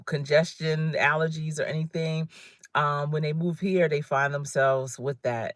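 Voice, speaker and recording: A woman's voice: low-pitched, dry recording. This is a middle-aged woman whose New Jersey accent still colors her easygoing speech. She chats loosely with her viewers, laughing often as she reads their comments. Her voice is captured close and dry, with no room sound around it. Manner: chatty and warm, laughing often, reading viewer comments aloud. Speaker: career coach. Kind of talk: casual livestream chat.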